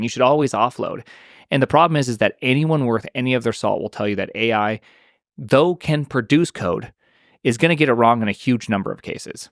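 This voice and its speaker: A man talking as a podcast guest in casual conversation, rambling and animated, with lots of restarts and fillers. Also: mid-range voice, creaky, no room sound, clean studio sound.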